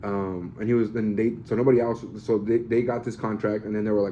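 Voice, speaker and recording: A man's voice: lowish voice, flat delivery, fast talker, a little hiss or hum. A man hosting a casual podcast, telling a long story in a rambling, profane, hedging way. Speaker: podcast host. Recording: slightly dull lo-fi podcast audio.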